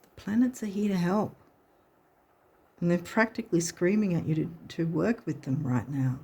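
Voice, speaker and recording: A woman's voice: on the low side, normal speed, darkish tone, slightly rough. A woman giving a casual tarot reading, chatty and encouraging, often restarting her sentences. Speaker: tarot and astrology reader.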